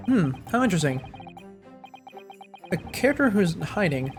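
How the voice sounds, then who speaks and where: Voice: medium pitch, sing-song, moderate pace, soft background music. A streamer chatting and musing while playing a story game live, self-deprecating. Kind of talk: live game playthrough commentary.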